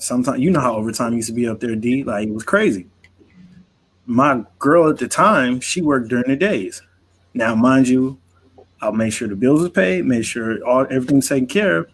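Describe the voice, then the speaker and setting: A man's voice: mid-range voice, breathy edge. A man in a casual podcast chat, recounting a story in a conversational way. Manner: anecdotal, conversational.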